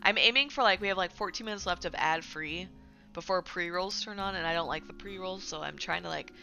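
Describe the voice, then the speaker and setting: A woman streaming, talking in a bright, forward voice that rambles with constant fillers and quick self-corrections. She sounds casual and chatty. Faint music plays softly behind her. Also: on the low side, vocal fry. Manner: animated and indignant when recounting drama. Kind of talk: casual livestream chat about community news.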